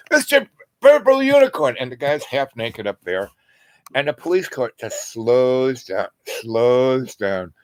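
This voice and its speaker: A man's voice: medium pitch, no echo, low-quality recording. A man with a mid-range voice tells an anecdote in a loose, rambling way, drifting into asides and fillers as he goes. The sound is dry and close, with no room around it. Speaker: storyteller. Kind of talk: casual rambling storytelling.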